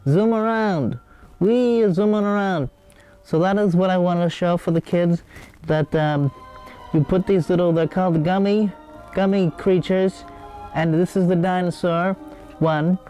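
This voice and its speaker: A man's voice: on the high side, warm tone, clean tone. A man hosting a comedic cooking show, rambling and digressing with many hesitations.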